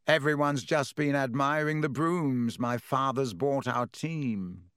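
A man's voice: mid-range voice, slow, a bit bright, clean tone, no echo, studio quality. A man voicing a smug, sneering rich schoolboy with a contemptuous drawl in a storybook reading.

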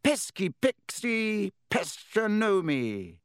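Man doing a showy wizard teacher, vain, clueless, grand, high-pitched, slow and drawn out, storybook reading. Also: expressive, pushed and bright, no echo, studio quality, exaggerated voice. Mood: bellowing.

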